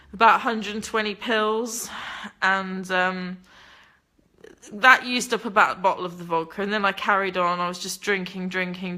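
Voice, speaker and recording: Young woman, bright voice, frank and unfiltered storyteller who swears freely. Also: mid-range voice. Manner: blunt, candid, swears freely. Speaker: livestreamer reading chat. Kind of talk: casual confessional storytelling.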